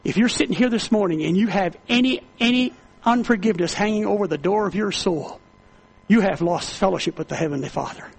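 A man preaching a sermon with fervent, repetitive delivery that climbs into loud, high-pitched exclamations. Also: fairly quick, vocal fry, breathy edge, poor audio.

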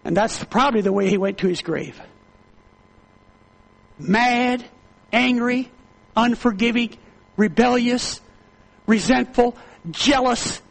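Fervent male preacher, very high gravelly voice, builds his sermon with repetition and rising shouts. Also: takes it slowly, pauses often, low-quality recording.

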